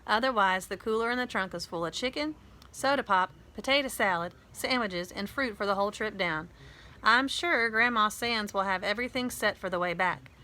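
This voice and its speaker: A woman's voice: mid-range voice, moderate pace, bright, forceful tone, lightly acted. A woman reading a storybook aloud, voicing a practical mother of three who lays out a trip plan in an orderly way. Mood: matter-of-fact.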